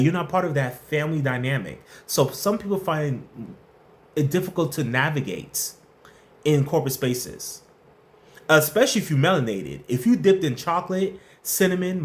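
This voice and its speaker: A man hosting a casual workplace advice livestream, answering viewer questions and greeting the chat by name in a playful, slangy way. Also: fairly high pitch.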